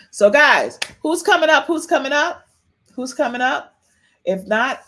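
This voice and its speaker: Chatty woman podcast host. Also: fairly low pitch. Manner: chatty, repeats phrases, frequent "okay?" tags. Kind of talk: casual live-stream commentary.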